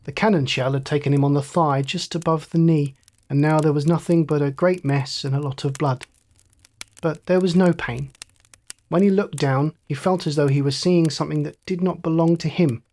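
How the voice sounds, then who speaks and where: A man reading a bedtime story aloud in a slow, measured, soothing manner. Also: fairly high pitch, fairly even intonation, a little mellow.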